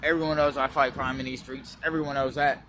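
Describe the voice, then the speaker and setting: A man's voice: mid-range voice, flat delivery, quick pace, sharp tone, slight background noise. A man from West Oakland vlogging outdoors, rambling loosely with profane street slang. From West Oakland, California. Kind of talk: rambling casual monologue.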